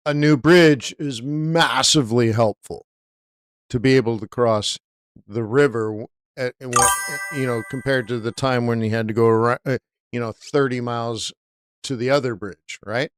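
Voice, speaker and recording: Middle-aged guy rambling through a story on his livestream, smooth clear voice, dry close mic, keeps saying dude. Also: medium pitch, steady tone, normal speed, dry recording. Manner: laid-back and rambling, with "dude" and "right?" fillers. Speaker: forex trading livestream host.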